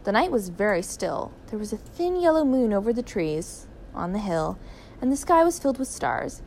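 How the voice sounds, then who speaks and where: A woman narrating a children's story in a clear, even, expressive reading voice. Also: medium pitch, normal speed, slight background noise. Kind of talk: children's story read aloud.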